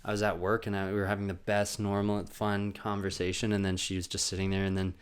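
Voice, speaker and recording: Young man, low-pitched, rambling, self-deprecating, casual solo podcast host. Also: monotone, fast, clear, resonant tone. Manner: rambling, self-deprecating, jumps into loud sung and acted bits.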